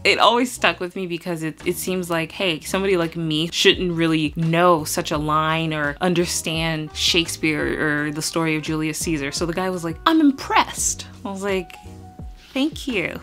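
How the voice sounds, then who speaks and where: A woman chatting casually on her book vlog, animated and laughing often, acting out the lines she quotes. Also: fairly low pitch. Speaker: book vlogger. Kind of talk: casual chat about her reading.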